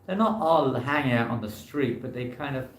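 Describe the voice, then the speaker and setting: A man at an ordinary middle pitch gives an informal scripture class, talking conversationally and drifting from point to point with "you know" fillers. His voice rings through an echoey temple hall. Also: lively intonation, moderate pace. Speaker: monk giving a scripture class.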